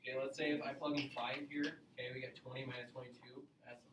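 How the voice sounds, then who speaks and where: A man's voice: mid-range voice, level tone, quick pace. A man teaching a geometry lesson to a class, explaining patiently and checking in with "okay?" after each point. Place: classroom with students. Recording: echoey classroom, mic far off, faint noise.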